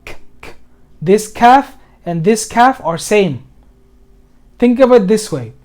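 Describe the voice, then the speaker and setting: A man giving an informal tajweed lesson over a screen share, patient, repeating himself with many fillers and slowing down to recite each phrase. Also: high voice, animated, darkish tone. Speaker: Quran recitation tutor.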